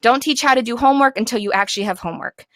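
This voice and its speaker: A woman's voice: fairly high pitch, racing, fairly bright tone, no echo. A young woman giving encouraging classroom management tips to fellow teachers, sometimes acting out the instructions she gives her class. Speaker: teacher trainer.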